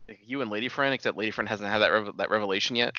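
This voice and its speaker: A man bantering loosely on a podcast, his voice bright and forward. The recording is dry and close, with a dull lo-fi tone. He chats at an easy, unhurried clip. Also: lowish voice, dry recording. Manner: laid-back banter, swears. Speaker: podcast co-host. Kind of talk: casual chat.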